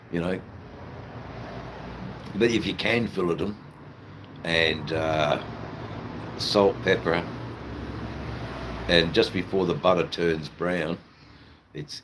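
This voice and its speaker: Low-voiced Australian man rambling on a livestream. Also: fairly bright tone, a little hiss or hum. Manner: rambling, loose and profane, full of fillers. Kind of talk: casual live-stream chat.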